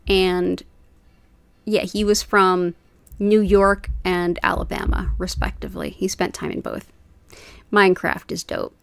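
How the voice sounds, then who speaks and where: A woman's voice: on the low side, expressive, measured pace, vocal fry, no room sound. Host, woman, 40s, rambling casual chat, dry close mic. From United States. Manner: chatty, rambling, says "like" often. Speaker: Reiki livestream host. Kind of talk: casual chat with live viewers.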